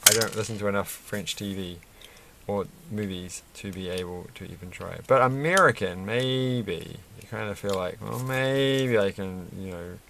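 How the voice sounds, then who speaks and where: A man's voice: sits low, vocal fry, slight background noise. A man chatting casually and rambling as he builds a Lego set at his desk, with lots of fillers and restarts. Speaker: Lego reviewer. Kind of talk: casual chat while building.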